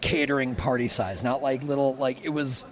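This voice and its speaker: A man chatting casually, an animated storyteller who acts out what people said. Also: medium pitch, moderate pace. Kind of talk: casual chat. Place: Burbank autograph show venue.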